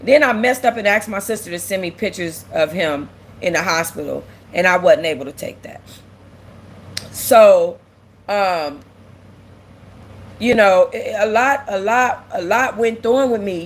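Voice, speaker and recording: Speaking a little slowly at medium pitch, a young woman hosts a casual livestream in an emotional, candid way, close to tears. She repeats herself and reads viewers' comments aloud, then responds.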